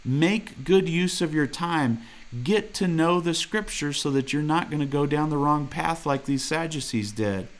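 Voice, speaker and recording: A man's voice: fairly high pitch, unhurried. A man delivers a sermon in an earnest, exhorting manner. He reads scripture aloud, comments on it, and presses listeners with direct rhetorical questions. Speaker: preacher.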